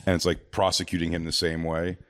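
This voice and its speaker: A man chatting casually on a podcast, telling stories and acting out the people in them with high put-on voices. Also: level tone, brisk, fairly bright tone, no room sound, studio quality. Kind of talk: casual podcast chat with storytelling.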